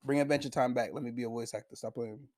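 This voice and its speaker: A young man reviewing anime in a casual vlog, with a slangy, profane, animated retelling and frequent laughs. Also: mid-range voice, rapid-fire. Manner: laughs often.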